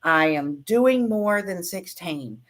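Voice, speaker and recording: A craft teacher streams live, chatting casually with viewers and reading their comments in a fairly low voice with lively intonation and a slow delivery. Laughter comes often, and her sentences tend to fade out and restart.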